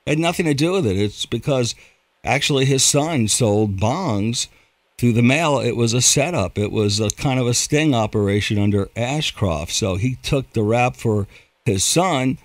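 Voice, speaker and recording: A man's voice: medium pitch, animated, moderate pace, no room sound. A man hosting a radio interview show, asking questions in a friendly, fan-like way.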